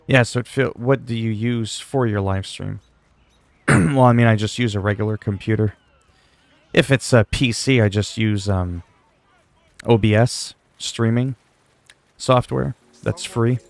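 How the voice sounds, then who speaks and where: A man's voice: lowish voice, measured pace, vocal fry, long pauses, no room sound. A man chatting casually while livestreaming a game, answering chat questions in a laid-back, swearing way.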